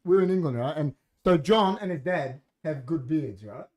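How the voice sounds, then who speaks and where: An Australian man co-hosting a podcast in casual chat, telling animated stories and acting out the voices of the people in them. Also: on the high side, normal speed, a crowd in the background. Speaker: podcast co-host. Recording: podcast studio.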